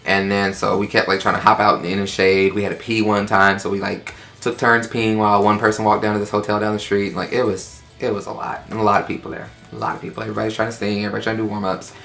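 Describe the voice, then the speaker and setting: A young man telling a story in casual chat, sassy and animated, acting out quotes in high voices. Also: quick pace, gravelly, hardly any pauses, faint music behind.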